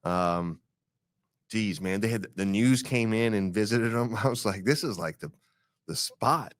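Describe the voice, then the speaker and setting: A man's voice: lowish voice, measured pace, no echo. A man with a Texan accent co-hosting a barbecue podcast, talking in a laid-back, rambling way with teasing asides. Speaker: podcast co-host. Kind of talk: casual chat.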